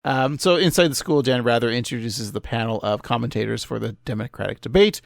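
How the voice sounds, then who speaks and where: Creaky-voiced joking podcast co-host man. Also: mid-range voice, brisk, no room sound, studio quality. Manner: jokey, laughing asides. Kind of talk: casual chat.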